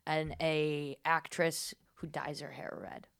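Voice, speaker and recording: A woman comedian, a guest on a podcast, telling a story in casual chat with a deadpan delivery. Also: sits low, slow pace, creaky, smooth. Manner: deadpan storytelling, drops to whispers for quotes.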